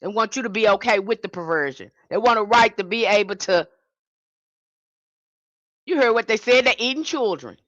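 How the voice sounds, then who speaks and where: A woman's voice: mid-range voice, lively intonation, normal speed, pauses often, no echo, highs cut off. A woman giving an impassioned livestream sermon as a spiritual teacher, speaking in a fiery, confrontational way and repeating her points.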